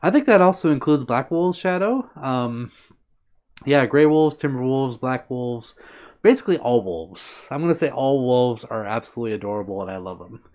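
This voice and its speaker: Speaking at normal speed in a mid-range, animated and slightly mellow voice, a man hosts a live stream and answers chat viewers by name. His manner is casual and upbeat, though the audio is dull and lo-fi.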